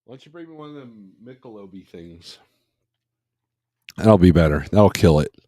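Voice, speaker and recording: Speaking into a desk mic, a man runs an easygoing livestream from home, rambling and frequently chuckling. His low, dark voice swings widely in pitch at normal speed. The studio-quality audio has no echo, and the talk is casual live chat.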